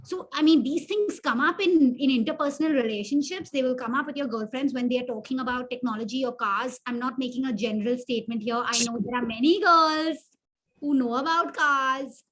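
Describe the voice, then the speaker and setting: A woman's voice: sits high, fairly quick, fairly bright tone. A woman mentor teaching an interactive online workshop, chatty and self-deprecating, often putting questions to the audience. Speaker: webinar mentor.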